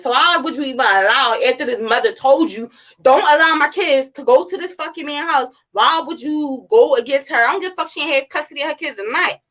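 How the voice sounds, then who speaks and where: A woman's voice: on the high side, fairly bright tone, poor audio. A woman, giving blunt, heated, profane commentary in a casual livestream. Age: 30s. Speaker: true-crime commentary host.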